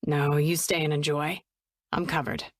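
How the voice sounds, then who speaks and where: A woman doing a gruff, guarded young man. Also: level tone, unhurried, no room sound, clean studio sound. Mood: tense, guarded. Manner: low, clipped, swears bluntly.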